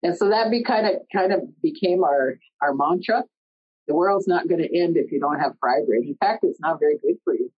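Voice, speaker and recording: A middle-aged woman telling a personal story in an earnest, conversational way, often pausing mid-sentence. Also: deep voice, slightly rough. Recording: dull lo-fi recording.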